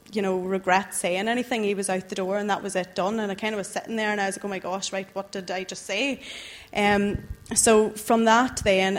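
A young woman tells her personal testimony to a church gathering. She speaks earnestly and a little haltingly, with the weight of emotion running through her words, in a voice that sits at a middling pitch. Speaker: church member giving testimony.

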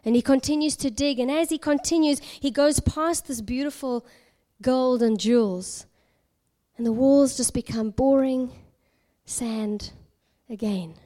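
High-voiced woman telling a dramatic sermon story. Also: a little slow. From South Africa. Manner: expressive, dramatic storytelling with hushed whispered moments. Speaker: preacher.

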